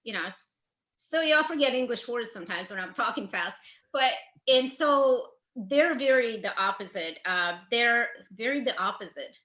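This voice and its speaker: A woman from Ukraine talks in a bright, slightly high voice, animated and rambling as she tells comic stories about herself. Her voice comes through a roomy, somewhat dull recording. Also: moderate pace. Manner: animated, rambling, self-deprecating. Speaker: guest, comedian and author. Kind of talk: casual comedic chat. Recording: echoey dull-sounding room.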